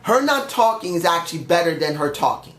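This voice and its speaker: A man's voice: fairly high pitch, big pitch swings, a little fast, a bit bright, roomy sound. A young man reviewing a wrestling show on his own, ranting bluntly with some swearing while he is feeling sick. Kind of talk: opinionated solo review.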